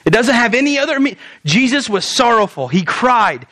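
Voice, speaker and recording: A young man preaching a sermon as pastor, animated, asking rhetorical questions and acting out quoted lines. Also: extremely high pitch, brisk.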